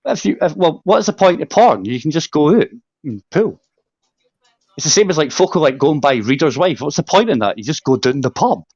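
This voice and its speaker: A man's voice: a little high, very animated, fairly quick, a little mellow, breathy edge, no echo. A man hosting a live stream, rambling and joking crudely in casual banter, with dull lo-fi audio from a home mic. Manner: rambling, crude, jokey, swears a lot. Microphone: home microphone on a live stream.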